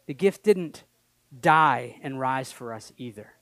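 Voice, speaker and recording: A pastor giving a sermon in a casual, conversational way, acting out little dialogues and moving between quiet reflection and loud enthusiasm. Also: male voice, mid-range voice, expressive, slow, dry recording. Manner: conversational, acts out quoted dialogue, swings between soft and loud.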